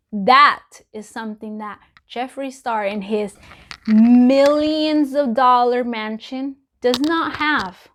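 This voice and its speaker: A woman's voice: a little high, slight background noise. A woman vlogger giving casual opinion commentary, blunt and emphatic, repeating herself and swearing freely. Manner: emphatic, repetitive, talks directly to the people discussed.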